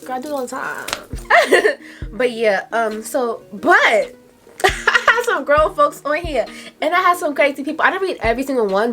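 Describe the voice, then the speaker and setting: This is a young woman with a Brooklyn New York accent, talking in a loose, slangy vlog style and breaking into giggles often. Her voice sits a little on the high side, and faint music plays underneath. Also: fairly bright tone. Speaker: vlogger. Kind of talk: casual chat.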